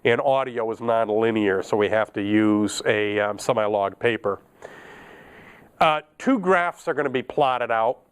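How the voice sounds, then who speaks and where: Lowish and clean in tone, the unhurried voice of a middle-aged man teaching electronics carries a chatty lecture full of jokes, and he chuckles at his own side comments.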